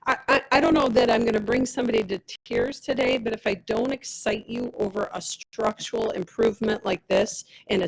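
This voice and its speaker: Gravelly, animated woman telling her story. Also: medium pitch, rough recording. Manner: animated, reenacts dialogue with others. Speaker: testimonial speaker, product rep. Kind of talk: personal testimonial story.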